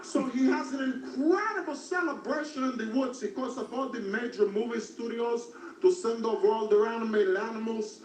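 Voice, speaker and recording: A man doing stand-up comedy, telling a crude story in a deadpan way, recorded from far off in an echoey, noisy club. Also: very high voice.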